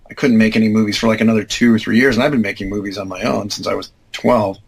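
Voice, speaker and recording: A man in his fifties, a guest telling a long story in a relaxed, rambling way, acting out what people said with sudden high-pitched voices. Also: fast, creaky, breathy edge, low-quality recording. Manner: acts out quoted dialogue with big jumps in pitch; rambling, self-correcting, many fillers. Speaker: interview guest. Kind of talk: casual anecdotal storytelling.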